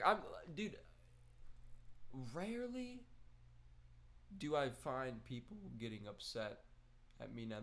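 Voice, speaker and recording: Young male gaming streamer at mid pitch, casual and rambling, swears freely. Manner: rambling, laid-back storytelling with slang and swearing. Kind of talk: casual chat while gaming.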